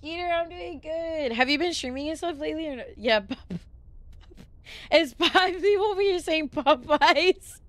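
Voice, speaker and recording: A woman's voice: very high voice, animated, normal speed, fairly bright tone, no echo. A young adult woman streaming a horror game live, easily spooked and swearing, chatting to viewers and thanking them between frights. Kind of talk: casual live gameplay streaming.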